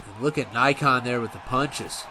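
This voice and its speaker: A man's voice: medium pitch, moderate pace, noisy background. A man giving casual, rambling commentary on a video game wrestling series, often correcting himself as he goes. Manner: rambling, self-correcting, laid-back.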